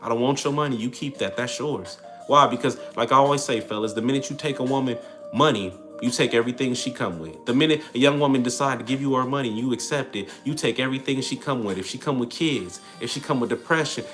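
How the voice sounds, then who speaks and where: Black guy ranting advice on a live stream, blunt and streetwise, music faint behind. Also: medium pitch. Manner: blunt, streetwise, animated preaching to chat. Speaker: livestream host. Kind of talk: casual livestream advice talk.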